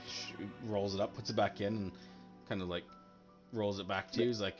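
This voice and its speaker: A man's voice: fairly low pitch, fairly even intonation, a little fast, dull audio, faint music behind. A man game master narrating a tabletop game in a loose, rambling way, with lots of fillers and laughter.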